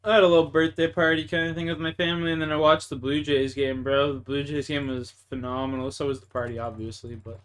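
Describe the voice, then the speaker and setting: A man's voice: a little high, little pitch movement, fast, few pauses, clear, resonant tone. Young Canadian man ranting on stream. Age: young adult. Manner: profane, ranting, swings between loud and mumbled. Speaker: game streamer. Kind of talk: casual chat while gaming.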